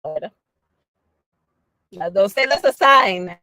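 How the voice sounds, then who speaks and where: A woman chatting casually on a livestream, animated and slangy, laughing often as she talks to her viewers. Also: mid-range voice, takes it slowly, no echo. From Dominican family background. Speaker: livestream host.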